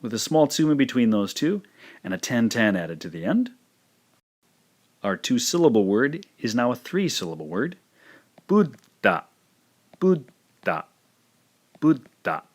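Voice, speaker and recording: A man teaching a language lesson, demonstrating pronunciation slowly and repeating each word several times. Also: medium pitch, big pitch swings, a little mellow. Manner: slow, careful demonstrations with repeated words. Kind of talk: scripted lesson narration.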